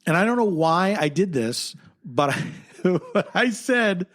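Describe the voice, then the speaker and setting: A man's voice: high-pitched, big pitch swings, measured pace, fairly bright tone. A man co-hosting a podcast, telling a story in casual chat and laughing often. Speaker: podcast co-host.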